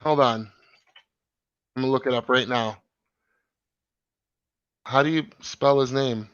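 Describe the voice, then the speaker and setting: Male host on a live stream: a bright, dry, lo-fi voice, rambling with lots of fillers. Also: mid-range voice, steady tone, unhurried, clear, resonant tone, no echo. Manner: rambling, many fillers and restarts. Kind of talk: casual chat reading comments.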